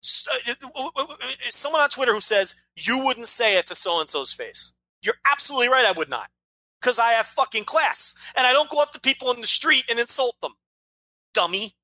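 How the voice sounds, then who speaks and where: Man, podcast co-host, heated profane ranting, swooping pitch, bright edgy tone, dry close sound. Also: lively intonation, fast, dry recording. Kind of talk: casual podcast chat.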